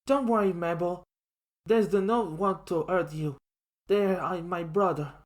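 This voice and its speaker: A reader voicing a calm young woman gently reassuring children, for a homemade fan story reading. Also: mid-range voice, measured pace, pitched above the performer's own voice, lightly acted. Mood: soothing.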